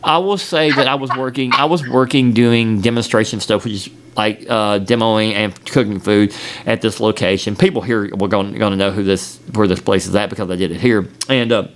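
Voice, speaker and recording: A man hosting a podcast, telling a story in a rambling, animated way and often laughing. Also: fairly low pitch, a little fast. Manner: rambling, with many restarts. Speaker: podcast host. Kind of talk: casual storytelling chat.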